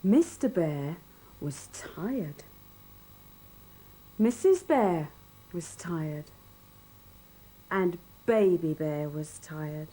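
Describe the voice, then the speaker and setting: A woman reading a children's story aloud in an expressive, sing-song, playful way. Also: lowish voice, very slow, pauses often, low-quality recording.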